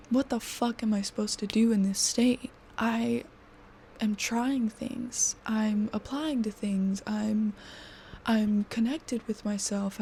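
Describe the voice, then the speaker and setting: Exhausted young woman with a creaky whisper. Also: mid-range voice, warm tone, a little hiss or hum. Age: 20s. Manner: frustrated, swearing, often dropping into a breathy whisper. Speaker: vlogger. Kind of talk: venting to camera.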